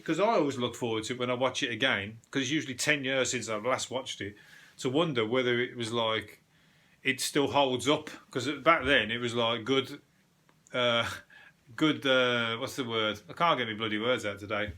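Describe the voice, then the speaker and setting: An English man hosting a solo comedy podcast, rambling through the news in a dry, deadpan way, swearing freely and restarting his sentences. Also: mid-range voice, moderate pace. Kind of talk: solo topical comedy rant.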